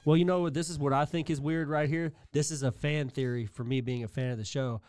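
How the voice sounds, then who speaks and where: Male podcast co-host, jokey and loose, slightly high voice, dry close mic. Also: steady tone, fast talker, darkish tone, clear, resonant tone, dry recording. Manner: jokey, spins fan theories and childhood stories. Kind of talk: casual chat.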